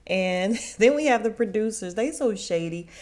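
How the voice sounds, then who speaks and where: In a medium-pitched, expressive voice with a darkish tone and moderate pace, a young woman chats casually on her podcast about a reality show. She laughs often and performs quotes in exaggerated voices.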